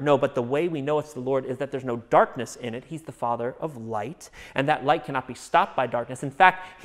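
A man preaching a sermon as a pastor, earnest, often dropping to a soft hush. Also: mid-range voice, in a large hall. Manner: earnest, drops to a soft hush on reassuring phrases.

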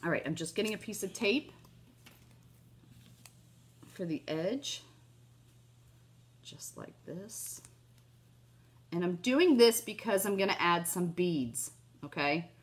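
Husky and lowish, her voice has lively intonation and a measured pace with frequent pauses. She hosts a casual crafting tutorial in a gushing, chatty style, keeps addressing viewers with "you guys" and "oh my gosh," and coughs occasionally.

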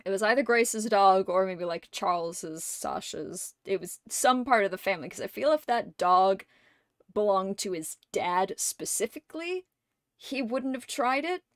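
A young adult woman streamer in casual chat, gushing like an excited fan and swearing and laughing often. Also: mid-range voice, a little slow, no echo, clean studio sound.

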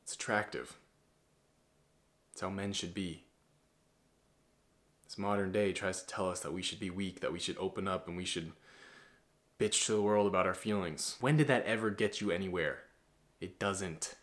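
A young man in his twenties lectures in a blunt, preachy way, full of casual slang. His voice sits a little low as he coaches other men on how to carry themselves. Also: normal speed, pauses often, a bit bright. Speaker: masculinity coach. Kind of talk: casual motivational monologue.

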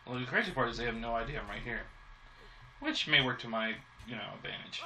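A man's voice: medium pitch, lively intonation, quick pace, bright, forceful tone, slight background noise. A man giving casual let's-play commentary, frustrated and swearing constantly as he talks to himself. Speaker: gameplay commentator.

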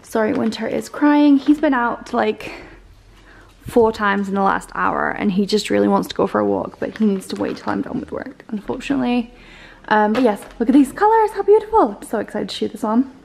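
A woman's voice: medium pitch, normal speed, creaky, slight background noise, poor audio. A young woman in her twenties chatting casually to camera in a vlog, bubbly and rambling. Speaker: vlogger.

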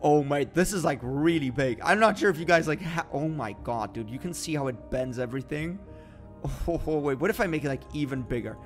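A young man with a slightly higher voice gives excitable, joking let's-play commentary on a space sandbox game. He reacts out loud all the time, and faint music plays underneath. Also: a little fast. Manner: excitable, joking, exclaims often. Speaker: gaming YouTuber. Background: faint background music.

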